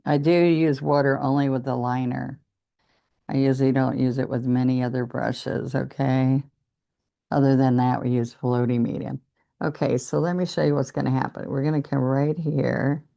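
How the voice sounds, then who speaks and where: A woman's voice: very deep voice, fairly even intonation, moderate pace, gravelly, mellow. An older woman teaching a painting lesson, chatting encouragingly as she demonstrates each stroke. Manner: chatty, encouraging, talks while working. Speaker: painting instructor.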